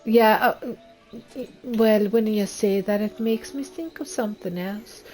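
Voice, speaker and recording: A woman's voice: mid-range voice, unhurried, darkish tone, faint music behind, lightly acted, poor audio. A woman voicing a hospitable female wood elf who chats while offering food in a game role-play. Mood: cozy. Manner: chatty, listing food offhandedly. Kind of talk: tabletop-style online game role-play.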